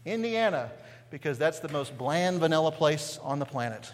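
A man's voice: fairly high pitch, lively intonation, moderate pace, in a large hall. A man from East Tennessee with a Southern Appalachian accent, preaching a sermon in a church and peppering it with rhetorical questions. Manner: conversational preaching with frequent rhetorical questions and "right?". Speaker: pastor. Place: church sanctuary.

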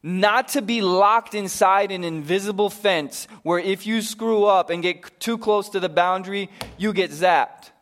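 A man preaching a sermon as pastor, earnest and unhurried, sinking to a hushed voice for his appeals. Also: high-pitched.

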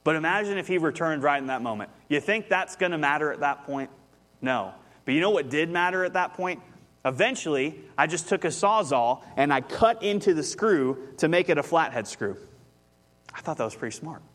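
A man's voice: fairly high pitch, lively intonation, moderate pace, fairly bright tone. A man, preaching a conversational sermon as pastor, telling a story and rising with animation.

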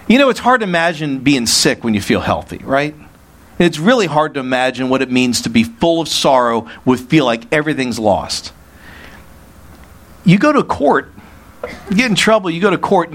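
A man preaching a sermon through scripture verses, animated, quoting speech in a raised, forceful voice. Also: a little high. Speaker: pastor.

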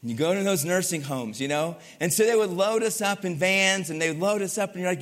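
A man preaching, telling a lively story and acting out the voices, then going quiet to drive the point home. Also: high-pitched, a little fast, hardly any pauses, big-room sound. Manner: animated, acts out voices, drops to quiet for the point. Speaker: pastor. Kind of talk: sermon storytelling.

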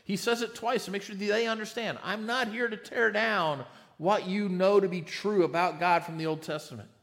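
A man's voice: high-pitched, fairly even intonation, normal speed, a bit bright. Emphatic man preaching a sermon. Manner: emphatic, repeats words when starting phrases. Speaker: pastor.

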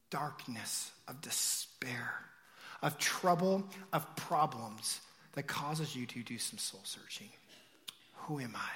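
Animated preaching man in a reverberant hall. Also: fairly high pitch. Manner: animated storytelling, swinging from shouts to hushed whispers. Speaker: pastor. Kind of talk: sermon.

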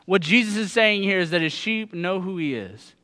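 A man's voice: sits high, animated, normal speed, bright, forceful tone. A man in his thirties preaching a sermon, earnest and putting direct questions to his listeners. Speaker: pastor.

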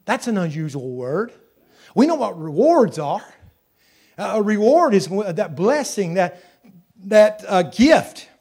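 A man with a high voice preaches a sermon. He drives his points home by repeating phrases. He drops to a hush, then climbs back up to a loud pitch. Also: very animated, a little slow. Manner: emphatic, repeats phrases, swings loud and soft.

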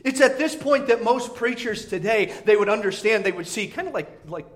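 A man's voice: sits high, animated, moderate pace. A man preaching a sermon, emphatic, often repeating words and acting out voices from the crowd.

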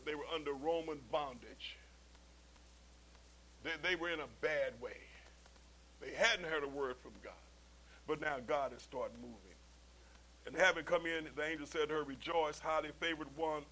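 A man's voice: on the high side, slight background noise, low-quality recording. A man preaching a sermon as pastor, telling stories with humorous asides and often repeating his words as he starts a sentence. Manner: animated storytelling with humorous asides.

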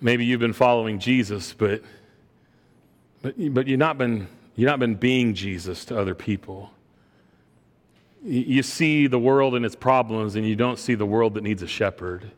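Speaking at a moderate pace and medium pitch, a middle-aged man preaches in a church sanctuary where long hall reverb fills the recording. He's a pastor telling a personal story with earnestness, and he tends to repeat words when starting a phrase.

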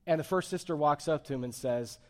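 A man's voice: fairly high pitch, brisk. Man preaching in a conversational sermon. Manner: conversational preaching, swings between soft and emphatic. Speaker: pastor.

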